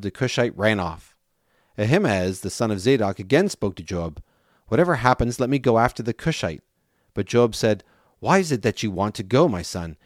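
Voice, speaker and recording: A man reading a scripture passage aloud with a measured, steady delivery. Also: lowish voice, dry recording, clean studio sound. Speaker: scripture reader.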